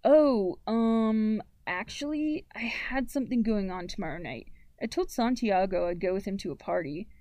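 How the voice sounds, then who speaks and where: A woman's voice: medium pitch, expressive, normal speed, dark tone, dry recording, close to an everyday voice. Woman reading as an easygoing teenage boy. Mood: casual. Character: teenage boy, easygoing and teasing best friend.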